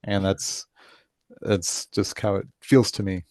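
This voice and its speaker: A man's voice: lowish voice, little pitch movement, slow, darkish tone, dry recording. A man speaking as a guest in a casual interview, hesitant and searching for his words.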